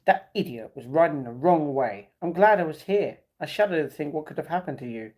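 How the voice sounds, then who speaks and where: A man reading aloud as a composed, wealthy young man who speaks calmly and reassuringly. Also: on the high side, a little fast, natural voice. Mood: concerned.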